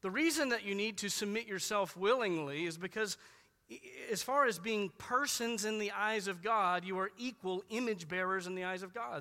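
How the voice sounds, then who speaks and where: Emphatic high-voiced man preaching in a hall. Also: pushed and bright. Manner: emphatic, repeats key phrases, slows down to stress words. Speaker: pastor. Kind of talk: sermon.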